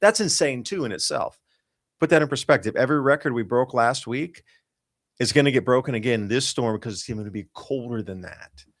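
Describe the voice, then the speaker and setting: A man's voice: medium pitch, expressive, fairly quick. A man hosting a live podcast, talking the audience through weather charts in an urgent, emphatic, loosely rambling way. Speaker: podcast host. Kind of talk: live-show commentary over weather charts.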